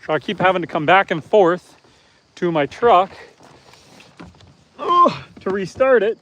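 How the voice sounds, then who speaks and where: A man's voice: high voice, lively intonation, a little slow, fairly bright tone, muffled recording. A man chatting casually on a live stream outdoors on his farm, explaining his chores as he works. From Canada. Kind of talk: casual live-stream chat, reading viewer comments. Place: outdoors on a farm near a truck and pigs.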